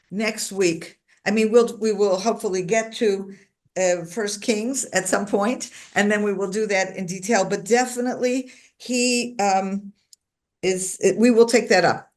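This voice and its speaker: A woman's voice: mid-range voice, normal speed. A woman leading a Bible study class, reading verses aloud and then explaining them in a chatty, informal way. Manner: conversational, with frequent fillers and asides to the class. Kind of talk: interactive class lecture.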